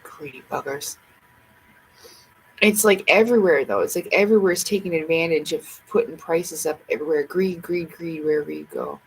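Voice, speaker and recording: A woman's voice: low-pitched, brisk, few pauses, a little hiss or hum, low-quality recording. A woman hosting a livestream, rambling casually to herself and her viewers in a chatty way. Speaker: livestream host.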